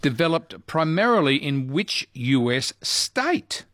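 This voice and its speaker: A man's voice: on the high side, slow pace, no echo, studio quality. A man hosting a radio quiz and chatting easily with callers. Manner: chatty, easygoing, lively intonation.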